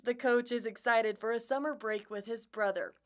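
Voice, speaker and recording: A woman reporter narrating a news story in a measured, polished way. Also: fairly high pitch, fairly even intonation, slight background noise.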